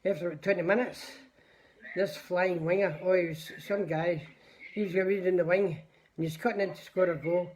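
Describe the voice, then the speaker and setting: A man's voice: sits high, fairly even intonation, brisk, a little mellow. An older man with a Scottish accent, casually telling rambling stories on a livestream and greeting his viewers by name. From Scotland. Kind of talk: casual storytelling to live viewers.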